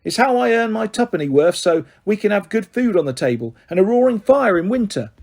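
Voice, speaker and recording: A man's voice: high voice, big pitch swings, fairly quick, vocal fry, a little mellow, voice pushed up, exaggerated voice. A man voicing a stern, fussing motherly woman who runs a big household. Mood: proud.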